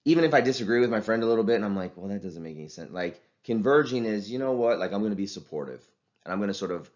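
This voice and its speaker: A man's voice: lowish voice, expressive, racing, dull audio. A man lecturing a class in a casual, conversational way, with many fillers and restarts.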